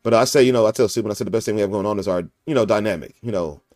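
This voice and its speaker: A man's voice: fairly low pitch, rapid-fire, a little mellow, dry recording, clean studio sound. Goofy joking man hosting a podcast. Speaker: podcast host. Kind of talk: casual podcast chat.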